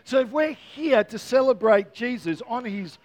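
A man's voice: extremely high pitch, expressive, moderate pace, muffled recording. A man preaching a Christmas Eve sermon, earnest and repeating key words, with playful joking asides to the congregation. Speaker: pastor.

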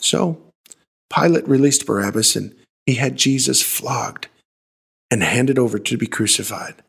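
A man, a pastor, retelling a Bible story as a sermon in a dramatic way, shifting between hushed and emphatic lines. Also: mid-range voice, a little slow, vocal fry, breathy edge.

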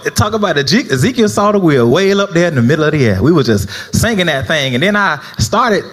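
A man's voice: on the high side, big pitch swings, brisk. A young man from South Florida preaching a sermon as minister, talking conversationally with laughing asides and checking in with the congregation.

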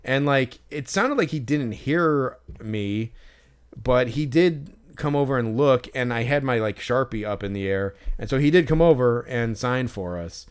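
A man at mid pitch with a smooth, clean voice, chatting on a podcast. He rambles through stories with lots of "um" and "like", and turns dryly sarcastic when something annoys him. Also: expressive, a little slow. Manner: rambling storytelling, many fillers and restarts; exasperated, sarcastic about fans. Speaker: podcast co-host. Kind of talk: casual podcast chat.

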